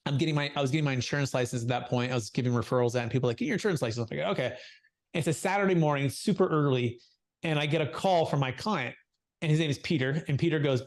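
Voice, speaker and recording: Animated man telling a client story. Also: a little high, fast talker. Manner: animated storyteller, acts out quotes, many fillers. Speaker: guest, capital gains tax advisor. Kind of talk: storytelling in a podcast interview.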